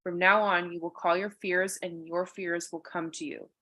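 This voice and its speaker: A woman's voice: fairly low pitch, level tone, moderate pace, sharp tone. A woman voicing a hurt, stern female witch in a read-aloud fable, speaking solemnly. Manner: solemn, grave.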